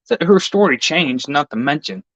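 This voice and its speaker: A man's voice: fairly high pitch, animated, normal speed, fairly bright tone, no room sound. A man in a casual, heated rant, swearing often and stammering over repeated words. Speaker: vlogger. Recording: dull lo-fi dry recording.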